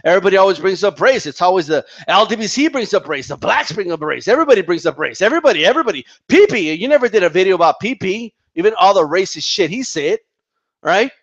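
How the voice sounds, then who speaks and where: A man with a high, lively voice rants at a rival, combative and profane, stumbling over repeated words. The recording sounds dull and lo-fi. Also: fast talker. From Mexican heritage. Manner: combative, profane, repetitive restarts. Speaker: boxing commentator. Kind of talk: heated rant vlog. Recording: dull lo-fi audio.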